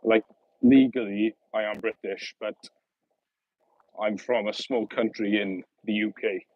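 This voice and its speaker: This Welsh lad's voice sits lowish and gravelly, swooping wildly in pitch as he chats at an unhurried pace. Live-streaming outdoors on an early summer evening via phone on mobile data, he laughs a lot while responding to viewer comments, and the audio is lo-fi.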